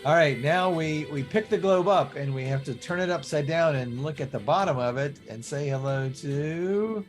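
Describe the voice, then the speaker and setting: A man's voice: fairly high pitch, normal speed, soft background music. A man hosting an improv comedy show, introducing the players over a video call in an upbeat, jokey way.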